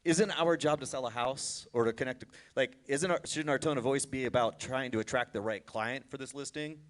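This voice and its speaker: A man's voice: medium pitch, brisk. A man who owns a brokerage, speaking on a discussion panel and explaining his points emphatically. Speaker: brokerage owner.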